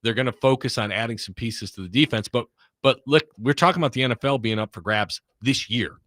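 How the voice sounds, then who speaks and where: Chicago-raised studio guest, bright forceful voice, dry close mic, confident football takes. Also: male voice, mid-range voice, a little fast, no echo. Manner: confident, emphatic football analysis. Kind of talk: casual sports radio talk. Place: radio studio.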